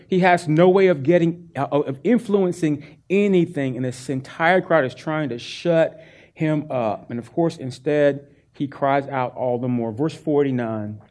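A male pastor preaching a sermon, earnest and animated as he retells a Bible story. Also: on the high side.

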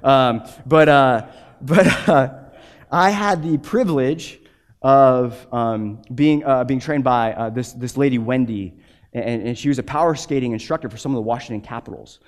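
A young man preaching a sermon, telling a story with animated energy and frequent restarts. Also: mid-range voice, moderate pace. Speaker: pastor.

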